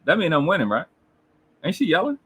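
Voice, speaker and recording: A fairly high-pitched man talks back at a replayed livestream with a husky, strained tone. His delivery swoops up and down as he mocks and curses. He sounds like a combative host holding court on his own channel. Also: wildly swooping pitch, fairly quick, bright, forceful tone. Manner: combative, mocking and profane. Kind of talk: reacting to a replayed livestream clip.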